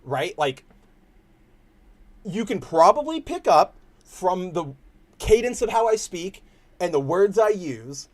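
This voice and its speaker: Slow and sing-song, with frequent pauses, this high-voiced young man from California chats loosely with his livestream audience in slang as the host.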